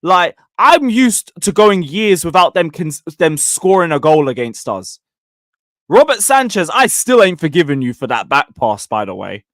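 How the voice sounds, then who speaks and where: Sweary football fan, dry mic. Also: male voice, fairly high pitch, big pitch swings, measured pace, a bit bright, no room sound. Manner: blunt, sweary, rambling, reading chat comments. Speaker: football fan channel host. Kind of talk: casual live match review.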